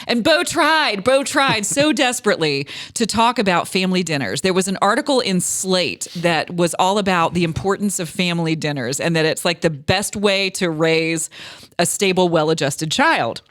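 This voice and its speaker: A woman's voice: lowish voice, lively intonation, moderate pace, a bit bright, no echo, studio quality. A woman in her forties co-hosting a casual radio podcast, telling stories with frequent laughter. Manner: giggly, rambling storyteller. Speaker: radio co-host.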